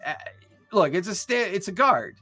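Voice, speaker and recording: A man co-hosting a casual podcast chat about tabletop games, animated and quick to swear. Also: high-pitched, soft background music. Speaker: podcast co-host.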